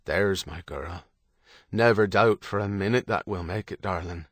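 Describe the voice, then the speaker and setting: A man reading an audiobook, voicing a devoted husband in a soothing, gentle way. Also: sits low, normal speed, no echo, studio quality. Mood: reassuring.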